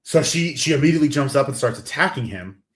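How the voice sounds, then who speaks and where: A man hosting a podcast, recapping a horror story in a casual, animated way and briefly acting out the lines of its characters. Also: medium pitch, quick pace. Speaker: podcast host.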